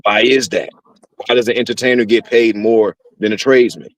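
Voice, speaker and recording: A man's voice: on the low side, fairly even intonation, brisk, rough recording. A man on a podcast panel, a tradesman, talking animatedly in AAVE with lots of profanity and "know what I'm saying.". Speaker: guest panelist, HVAC worker. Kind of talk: casual podcast chat.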